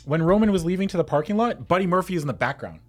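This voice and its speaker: A man chats on a loose, casual podcast, cracking jokes and tossing in mock voices. His pitch jumps around a lot, which gives his talk a lively, bouncy sound. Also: very fast. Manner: joking, swears, drops into mock voices. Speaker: podcast co-host. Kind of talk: casual chat.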